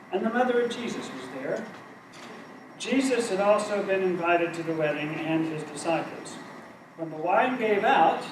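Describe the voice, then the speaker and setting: Middle-aged man, fairly high voice, casual self-deprecating Bible teaching, humming background noise. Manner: conversational, self-deprecating, asks "right?". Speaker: Bible study group leader. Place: church meeting room. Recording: echoey room recorded from far off.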